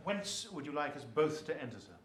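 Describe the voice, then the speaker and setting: An actor playing a polite, earnest Victorian actor rehearsing a young lead. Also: male voice, on the high side, big pitch swings, fairly quick, background noise. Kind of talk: period film acting.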